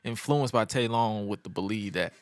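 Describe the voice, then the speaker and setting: A man co-hosting a podcast, recapping events in a casual, animated way and often laughing. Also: on the low side, moderate pace, dry recording. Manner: animated, laughs often, bursts into loud mimicking voices. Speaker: podcast co-host reviewing wrestling. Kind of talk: casual recap with acted-out quotes.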